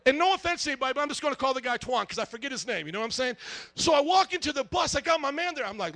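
A man preaching a sermon as a pastor, telling stories with lots of energy, acting out other people's voices and shouting now and then. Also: extremely high pitch, very fast, no room sound. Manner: animated storytelling, acts out voices, shouts.

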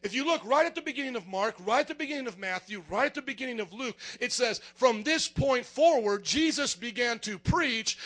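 A man, a pastor, preaching a sermon in a jokey, animated way, calling out to the congregation for responses. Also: very high voice, a little fast, hardly any pauses.

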